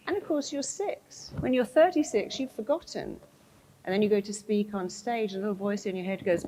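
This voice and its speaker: A woman's voice: mid-range voice, fairly quick, darkish tone, slight background noise, poor audio. A woman therapist giving a motivational talk to a live audience, speaking emphatically, repeating phrases for effect and acting out inner voices in quoted asides.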